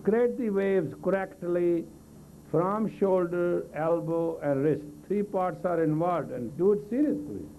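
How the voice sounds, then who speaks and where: Heard on a tinny lo-fi 1980s recording of a live talk, a man with a high-pitched, unhurried voice runs a group exercise class. The meditation teacher coaxes bluntly in non-native English grammar over slight background noise.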